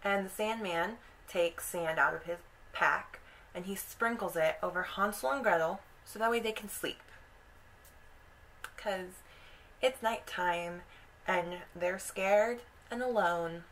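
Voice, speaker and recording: Young woman vlogger, casual and animated, slow-paced storyteller who acts out quotes. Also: on the low side, a little hiss or hum, poor audio. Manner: animated retelling with quoted voices. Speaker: video host.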